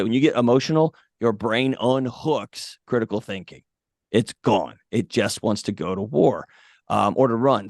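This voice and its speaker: A man's voice: mid-range voice, no echo, studio quality. A man talking as a podcast guest, giving blunt, emphatic advice in a casual way. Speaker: podcast guest, mental health author.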